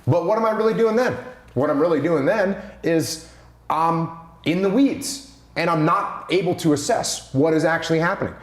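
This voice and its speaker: On a casual podcast, a male leadership speaker talks through his ideas on leadership, emphatically hammering on key phrases. His voice is a little high, his pace moderate, and the recording has a roomy echo.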